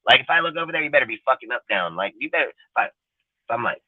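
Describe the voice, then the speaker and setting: A man's voice: medium pitch, animated, racing, no room sound. A man ranting bluntly and profanely in a casual podcast chat. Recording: dry phone-line sound.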